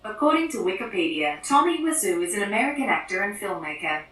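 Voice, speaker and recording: A woman's voice as a smart-speaker assistant, speaking in an even, polite, synthetic way. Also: medium pitch, fast, far from the mic. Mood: neutral. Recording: echoey room, picked up from afar.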